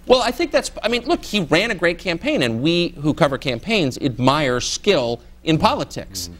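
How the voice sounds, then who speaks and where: A man's voice: fairly high pitch, sing-song, moderate pace, a bit bright. A middle-aged man, a journalist guest, answering student questions in a candid, sardonic way and mimicking people in mock voices. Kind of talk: candid audience Q&A.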